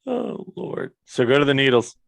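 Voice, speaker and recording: A man co-hosting a podcast, reacting to a story with quick crude quips and questions. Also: mid-range voice, very animated, gravelly, no echo, studio quality. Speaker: podcast co-host. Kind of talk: casual chat, reacting.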